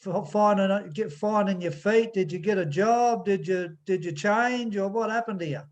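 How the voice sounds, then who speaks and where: A podcast host with a notably high voice for a man. He stumbles into his questions, repeating his opening words over and over before he gets to the point. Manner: halting, repeats words when starting questions. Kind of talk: interviewing.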